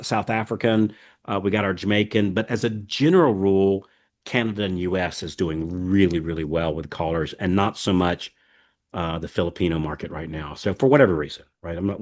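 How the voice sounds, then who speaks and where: Folksy low-voiced American man. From United States. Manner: rambling, folksy, many fillers and restarts. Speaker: podcast host. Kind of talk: casual podcast chat.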